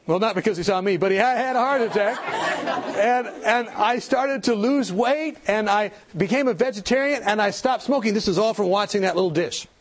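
A man giving an animated church seminar talk, telling stories, acting out the people in them and asking the audience questions. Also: high-pitched, a little fast, slightly rough. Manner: animated storytelling, acts out quoted people. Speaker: health speaker.

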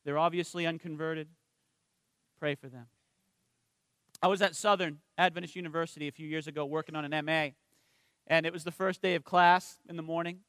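A male minister preaching a sermon in a conversational way. He tells personal stories, asks the congregation for responses, and slows down and softens on spiritual points. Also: a little high, fairly even intonation, smooth, dry recording, studio quality.

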